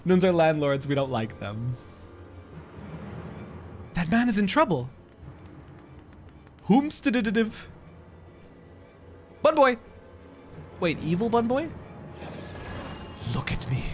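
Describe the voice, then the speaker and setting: Giggly, animated male streamer. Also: high voice, takes it slowly, long pauses, soft background music. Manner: giggly, rambling, chats to viewers. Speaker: game streamer. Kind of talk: casual live-stream chat while gaming.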